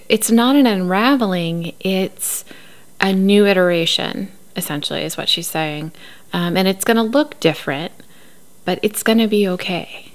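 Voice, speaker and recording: A woman's voice: mid-range voice, fairly bright tone. A woman recapping a reality show in casual, opinionated commentary, laughing often. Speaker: recap host.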